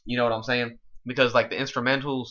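A man's voice: medium pitch, little pitch movement, fast talker, sharp tone. Laid-back slangy man on a lo-fi mic. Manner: laid-back, slangy, works through thoughts with restarts. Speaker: music podcast co-host. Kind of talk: casual music review chat.

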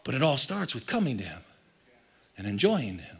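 A male pastor preaching a sermon in an animated, conversational way, swinging from loud to quiet. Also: medium pitch, normal speed, vocal fry, slightly rough.

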